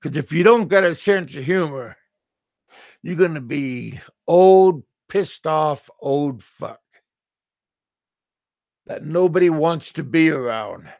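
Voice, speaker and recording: A man's voice: fairly high pitch, expressive, takes it slowly, long pauses, no echo. A middle-aged American man vlogging, rambling through a humorous monologue, stammering and repeating his words with frequent chuckles. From United States. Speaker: expat vlogger.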